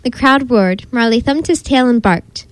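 A woman narrating a children's storybook in a lively, expressive read-aloud manner. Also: a little high, moderate pace, no echo.

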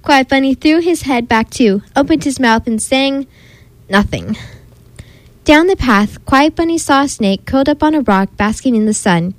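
A woman reading a children's picture book aloud in a gentle, expressive way, playfully imitating the animal sounds. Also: high voice, moderate pace, no echo, rough recording. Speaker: storybook reader.

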